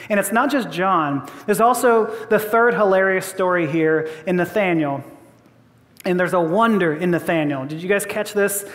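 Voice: medium pitch, in a large hall. A pastor giving a sermon in a church, conversational and laughing often, with frequent repeated words.

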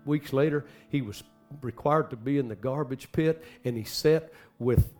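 A man preaching a sermon, swinging dramatically from hushed, slow phrases to loud bursts. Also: mid-range voice. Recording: faint music behind.

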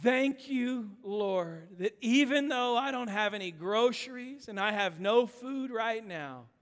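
A man's voice: very high voice, lively intonation, takes it slowly, pitched above the performer's own voice, full character voice. A man voicing a pious little old woman who thanks the Lord over and over in a sing-song way, inside a sermon joke. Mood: trusting. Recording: echoey church hall.

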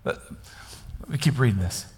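Conversational preacher from Kansas. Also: male voice, mid-range voice, normal speed, in a large hall. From Kansas, United States. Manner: conversational, animated, asks listeners questions. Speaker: pastor. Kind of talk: sermon.

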